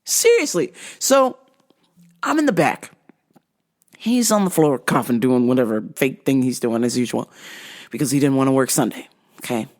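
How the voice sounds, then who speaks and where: A woman's voice: extremely low pitch, lively intonation, moderate pace, pauses often, darkish tone. A woman podcast host and business owner telling a story as a casual, profane, exasperated rant.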